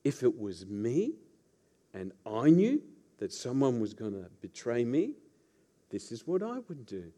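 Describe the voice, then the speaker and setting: A man's voice: mid-range voice, wildly swooping pitch, unhurried, warm tone. A man preaching a sermon as pastor, telling the story with playful asides to the congregation.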